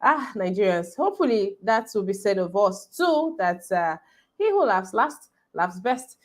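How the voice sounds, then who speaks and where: A woman moderates a discussion in a composed, polite manner. Her voice sits at a middle pitch and is recorded cleanly. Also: big pitch swings, measured pace. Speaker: host. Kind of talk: moderating a panel.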